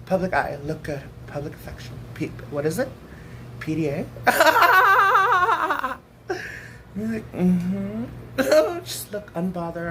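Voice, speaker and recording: A woman's voice: mid-range voice, pushed and bright. A woman vlogger in casual storytime chat, giggly and chatty, often breaking into laughter. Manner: chatty, keeps calling the viewer "girl". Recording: noisy background hiss.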